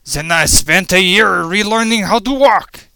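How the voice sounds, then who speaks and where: A man's voice: high-pitched, unhurried, vocal fry, bright, forceful tone, clean tone, no echo, heavily acted. A man playing a vengeful male spider with a mock French accent, in a melodramatic comic monologue. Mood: aggrieved. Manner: melodramatic, villainous, theatrical. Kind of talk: comedic monologue.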